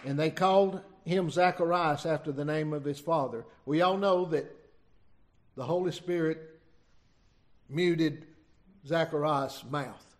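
Man, folksy preacher, slightly high voice, halting delivery. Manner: folksy, halting, many restarts and asides. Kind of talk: informal sermon with scripture reading.

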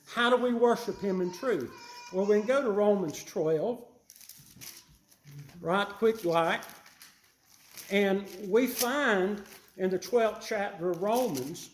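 A man preaching a sermon, emphatic and repeating his key phrases, rising louder on his main points. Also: high-pitched, slow, long pauses, echoey room.

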